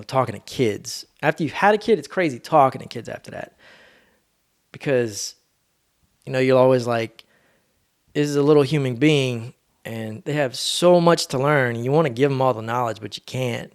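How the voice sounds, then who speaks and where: A man's voice: mid-range voice, moderate pace. A man hosting a solo podcast, talking in a rambling, laid-back, slangy way. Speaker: podcast host. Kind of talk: casual solo monologue.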